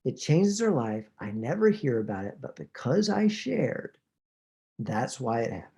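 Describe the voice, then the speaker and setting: A man hosting a podcast, chatting in an enthusiastic, animated way. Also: medium pitch, measured pace, gravelly. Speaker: podcast host. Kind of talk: conversational podcast chat.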